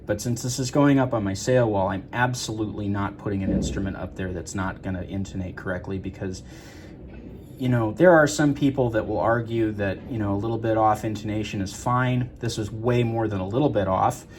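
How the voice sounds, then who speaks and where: Man, lowish voice, casual repair-shop tech who rambles with fillers, faint shop hum behind. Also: fairly even intonation, brisk. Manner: rambling, many fillers and restarts. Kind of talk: casual workshop explanation.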